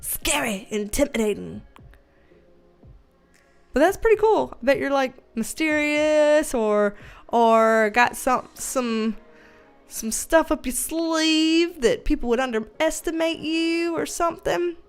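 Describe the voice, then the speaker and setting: High-voiced Southern woman chatting on a livestream. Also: lively intonation, takes it slowly, soft background music. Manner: laughs often while reading viewer comments aloud; chatty, loose and colloquial with mild swearing. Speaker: livestream host and tarot reader. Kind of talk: casual livestream chat.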